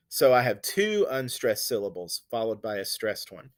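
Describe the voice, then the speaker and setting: A man teaching poetic meter, explaining step by step with fillers and self-corrections, and reading verse lines slowly with heavy stress on the beats. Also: medium pitch, animated. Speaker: poetry teacher. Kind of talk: classroom lecture on poetic meter.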